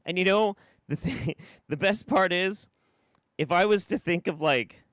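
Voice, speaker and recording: A man hosting a live stream, giving sarcastic commentary, often laughing and swinging from loud bursts to quiet mutters. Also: sits high, unhurried, no room sound, studio quality. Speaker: streamer host.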